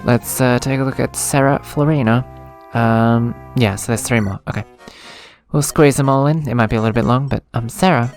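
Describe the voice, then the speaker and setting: A man's voice: mid-range voice, moderate pace, faint music behind. A man hosting a reading of game dialogue, making offhand, rambling comments between scenes.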